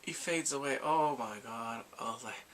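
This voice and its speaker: A man casually recapping a drama's plot, animated and emotional, acting out the characters' lines. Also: mid-range voice, moderate pace, a little hiss or hum. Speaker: drama reviewer.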